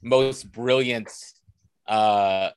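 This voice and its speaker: A man's voice: on the low side, drawn-out words, smooth, no room sound. A man from the United States, a cosplayer guest, chatting casually and telling anecdotes with enthusiasm. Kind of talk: casual conversational storytelling.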